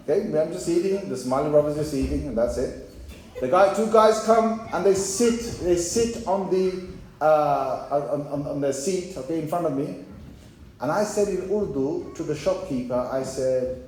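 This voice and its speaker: In a very echoey hall with faint noise, an Islamic preacher delivers a sermon built around an anecdote, acting out the voices of the people in his story and addressing the young men in the audience directly. His fairly high, expressive voice has a darkish tone and moves at a moderate pace.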